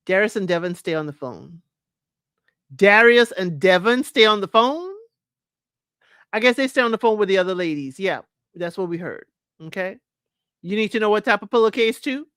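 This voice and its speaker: A woman with a mid-range voice hosts a casual live recap show, reading viewer comments aloud and laughing often. She talks fast and expressively. The studio-quality recording is dry.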